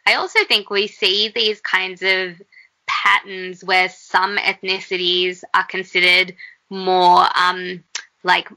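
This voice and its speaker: Interview guest, woman, earnest and thoughtful, vivid tone with some fry. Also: on the low side, little pitch movement, slow pace, sharp tone, rough recording. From Australia. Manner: earnest and reflective, with fillers. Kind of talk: conversational interview.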